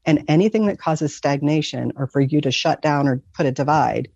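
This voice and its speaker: A woman with a gravelly, dark-toned voice tells her personal story in an earnest, candid way, often laughing softly. The recording is dry and close, with a dull, lo-fi sound. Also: low-pitched, a little fast, dry recording. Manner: earnest, frequent soft laughs. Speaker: guest telling her story.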